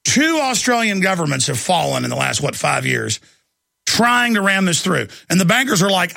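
A man hosting a political talk radio show, ranting and shouting with lots of repetition. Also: high-pitched, big pitch swings, moderate pace, vocal fry, dry recording, studio quality.

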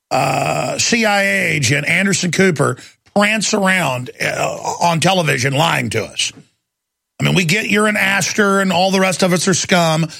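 A man's voice: sits high, creaky, bright, forceful tone. A man hosting a talk radio show, ranting emphatically and hammering key words over and over.

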